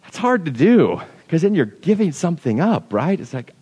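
A man's voice: fairly high pitch, very animated, moderate pace, hardly any pauses, warm tone, slightly rough, in a large hall, lo-fi sound. A man preaching a sermon in a conversational way, acting out the objections of his listeners. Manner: conversational, acts out imagined objections.

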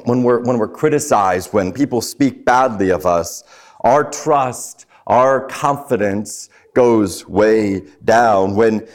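Halting male preacher. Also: on the low side. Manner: halting, repeats words, asks listeners questions. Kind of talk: sermon on a psalm.

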